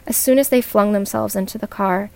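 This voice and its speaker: A woman hosting a podcast, reading a true scary story aloud in a measured way with slow dramatic pauses. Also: medium pitch, creaky, a little mellow. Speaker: podcast host and narrator.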